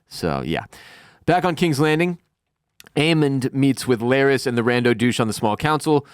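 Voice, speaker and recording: A man's voice: medium pitch, big pitch swings, normal speed, clean tone, dry recording, clean studio sound. Wry man recapping with jokey asides. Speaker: podcast co-host. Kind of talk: casual recap chat.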